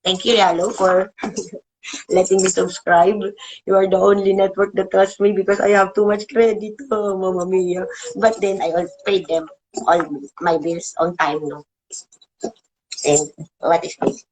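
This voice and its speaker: A woman's voice: level tone, darkish tone, slight background noise, low-quality recording. Agitated woman ranting and swearing. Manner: agitated, swearing, emotional with pitch swings; halting with frequent restarts. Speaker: show host. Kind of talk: ranting political monologue.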